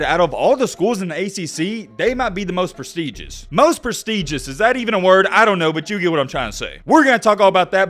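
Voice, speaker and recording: An excitable young man talks straight to his viewers in a high, lively voice that leaps around his range. He keeps bursting into shouts, then pulls himself back down to a calmer, explaining tone. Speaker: college football YouTuber. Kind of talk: excited vlog commentary.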